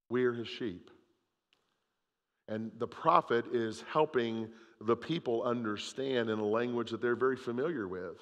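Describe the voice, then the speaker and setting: A man preaching a sermon, reading scripture aloud and swinging between loud emphasis and hushed moments. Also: medium pitch, long reverb tail. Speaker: pastor.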